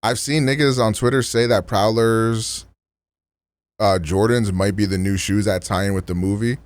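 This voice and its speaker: A man's voice: on the low side, steady tone, moderate pace. A man streaming in a loose, slangy casual chat, full of restarts and fillers.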